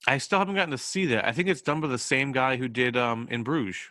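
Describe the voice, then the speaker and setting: Guy rambling on a podcast, lots of likes, bright voice, dry close sound. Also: mid-range voice, fast, dry recording. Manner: rambling, filler-heavy, laughs often. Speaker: podcast host. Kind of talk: casual chat.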